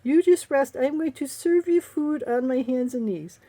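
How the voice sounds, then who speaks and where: Woman sending up a devoted young alien woman; sugary, mocking, mellow tone. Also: high-pitched, normal speed, natural voice. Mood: doting.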